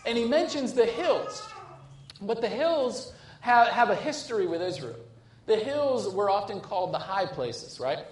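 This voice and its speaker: A man preaching a sermon as a pastor, earnest, swinging between urgent and hushed, often repeating words as he restarts a phrase. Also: high-pitched, lively intonation, a little slow, roomy sound, a little hiss or hum.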